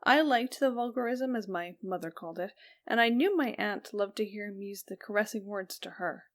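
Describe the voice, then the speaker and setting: A woman's voice: mid-range voice, moderate pace. Woman narrating a Victorian ghost story. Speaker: audiobook narrator.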